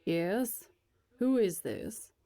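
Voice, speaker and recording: Woman reading a gruff rural man, suspicious and clipped, in a flat, slow delivery. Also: on the low side, no echo. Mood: suspicious, stern. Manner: curt, stern, affronted.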